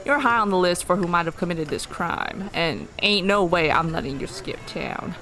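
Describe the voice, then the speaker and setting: A streamer voicing a stern frontier sheriff in a put-on Southern drawl, gruff and threatening. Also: medium pitch, lively intonation, normal speed, sharp tone.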